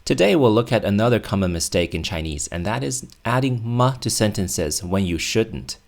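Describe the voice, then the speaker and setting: Male teacher, lowish voice, clear patient delivery for a language lesson video. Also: expressive, moderate pace. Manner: clear, patient explaining with spoken example phrases.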